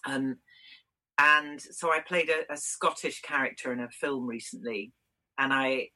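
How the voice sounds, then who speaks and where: Bright, husky-voiced British actress. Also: female voice, extremely low pitch, measured pace, low-quality recording. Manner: thoughtful, chatty, laughs often, many restarts. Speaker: actress guest. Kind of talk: conversational interview answers.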